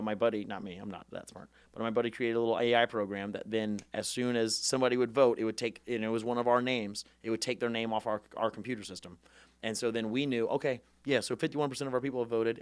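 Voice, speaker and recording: A man in his twenties, a podcast guest, telling his story in a fast, animated, profane way and acting out the people he quotes. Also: mid-range voice, clear, resonant tone, no echo. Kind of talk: casual storytelling interview.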